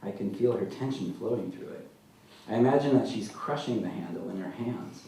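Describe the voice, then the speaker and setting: A man as an author at a live literary reading, telling his story in a dry, deadpan way, recorded from far off in a large hall. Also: lowish voice, brisk. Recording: echoey hall, mic far off, faint noise.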